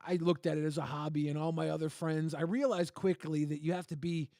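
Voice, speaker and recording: A man's voice: fairly high pitch, brisk, creaky, dry recording, studio quality. A man being interviewed on a live online show who tells his stories in a loose, rambling way full of fillers. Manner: rambling, relaxed storyteller with many fillers. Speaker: interview guest. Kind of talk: casual live-stream interview.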